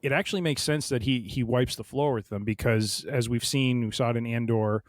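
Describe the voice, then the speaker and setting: A man's voice: medium pitch, brisk, no room sound, clean studio sound. A man hosting a podcast, chatting casually about books in a rambling way, full of restarts and fillers. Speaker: podcast host. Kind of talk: casual book discussion.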